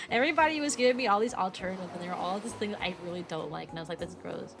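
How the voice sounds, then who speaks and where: A woman's voice: medium pitch, fast. A young adult woman streaming as a VTuber, rambling through casual chat with giggles and self-deprecating jokes. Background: background music.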